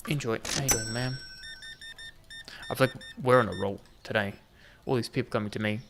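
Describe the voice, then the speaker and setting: A man's voice: mid-range voice, fairly even intonation, brisk, music in the background. A man giving casual, jokey commentary while playing a game, bantering with the customers on screen. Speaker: gaming video host.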